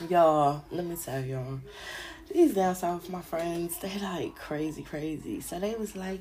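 A woman's voice: fairly low pitch, sing-song, slow pace, background noise. A woman, a podcast host telling stories in a casual, slangy, profane way and acting out the people she quotes. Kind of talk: casual storytelling chat.

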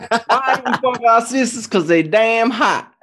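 A man's voice: extremely high pitch, lively intonation, measured pace, a bit bright, pitched above the performer's own voice, full character voice. A man putting on a mock Southern accent, playing a crude, boastful redneck from Alabama. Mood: swaggering.

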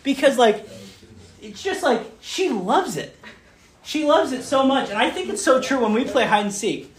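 Lively man telling a story in a roomy hall. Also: very high-pitched, moderate pace, a little hiss or hum. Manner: animated storytelling, loud excited acted asides; chatty, many fillers like "um" and "like". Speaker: speaker giving a children's message. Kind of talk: playful church talk with prayer. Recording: roomy echo.

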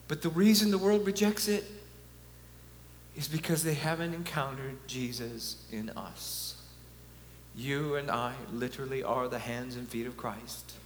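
A man's voice: mid-range voice, measured pace. A man giving an earnest, conversational preaching talk with chuckles, at a conference in a large hall. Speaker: conference speaker. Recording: echoey hall, faint hum.

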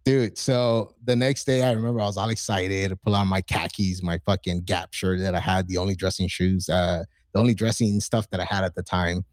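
A man in his forties telling stories in casual, profane chat, acting out quoted lines with excitement. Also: deep voice, fairly quick, hardly any pauses, dry recording. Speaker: podcast guest.

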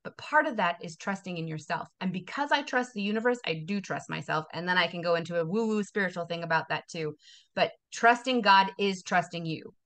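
A woman's voice: lowish voice, brisk, fairly bright tone. Emphatic motivational woman in her forties. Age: 40s. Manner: emphatic, motivational, repeats phrases for effect. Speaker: wellness coach, guest. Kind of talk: casual podcast interview.

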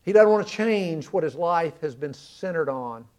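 A man's voice: fairly high pitch, expressive, normal speed, a little mellow. A man from the American South preaching a sermon, retelling a story with earnest emphasis.

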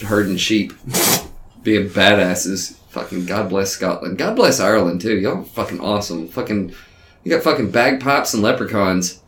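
A man's voice: lowish voice, normal speed. A man, talking crude, mocking banter with a friend. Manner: loud, crude, mocking, laughs often. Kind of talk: casual profane banter. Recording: roomy echo.

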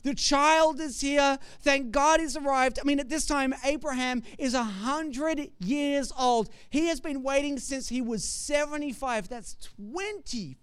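A man's voice: very high-pitched, steady tone, measured pace, few pauses, fairly bright tone, no room sound. A man preaching a sermon with conversational, jokey storytelling.

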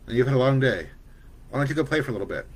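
A man reading the part of a worried, loving young mother who speaks gently but firmly to her son. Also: mid-range voice, lively intonation, rapid-fire, natural voice. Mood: firm, gentle.

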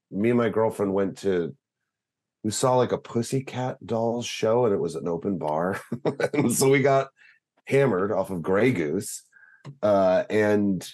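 Co-host, man, thirties: low husky voice, animated storyteller. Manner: animated, laughs through his story, acts out voices. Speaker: podcast co-host. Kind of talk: casual storytelling.

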